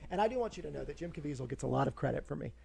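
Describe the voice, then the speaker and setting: A woman co-hosting a podcast, chatting casually and giving quick, opinionated takes on a TV episode. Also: sits low, animated, gravelly, warm tone, slight background noise. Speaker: podcast co-host. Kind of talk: casual chat reviewing a TV episode.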